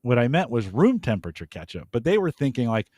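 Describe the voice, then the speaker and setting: A man's voice: medium pitch, very animated, fast, a little mellow, no echo, clean studio sound. A man co-hosting a podcast, talking in a conversational, agreeable way with frequent restarts. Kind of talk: casual podcast chat.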